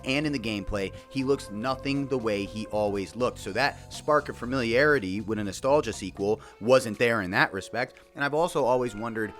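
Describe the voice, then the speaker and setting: Brief: male commentator, mid-pitched, ranting loosely and swearing, quick to mock. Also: soft background music. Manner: animated, profane, mocking impressions. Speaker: video commentator. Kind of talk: casual profane rant.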